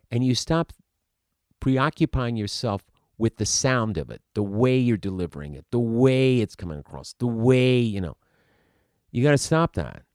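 A man gives an animated acting lesson, his low voice swinging widely as he fires off rhetorical questions and acts out examples. The sound is dry and close, with no room around it. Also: no echo. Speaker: acting coach. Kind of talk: teaching monologue.

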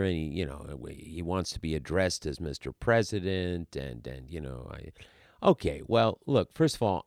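Rambling low-voiced actor, lively pitch. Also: male voice, dry recording, clean studio sound. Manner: rambling, full of restarts and asides. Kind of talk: casual monologue.

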